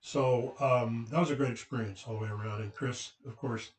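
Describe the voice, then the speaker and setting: A man's voice: mid-range voice, steady tone, moderate pace. Man, West Coast, fatherly storyteller, meandering delivery, distant roomy sound. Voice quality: rambling, with many fillers and restarts. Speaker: father recounting family memories. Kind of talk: casual anecdotal storytelling.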